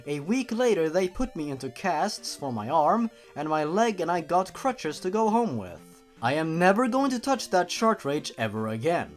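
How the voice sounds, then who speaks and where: A man narrating a horror story for laughs, reading deadpan and breaking off into sarcastic asides. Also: a little high, normal speed, soft background music. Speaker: YouTube narrator.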